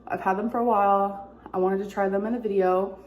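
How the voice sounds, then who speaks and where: Over slight background noise, a woman speaks fairly quickly in a steady, mid-range voice. She's a vlogger with a stuffy nose doing a chatty, rambling mukbang, chewing between comments and breathing a bit heavily.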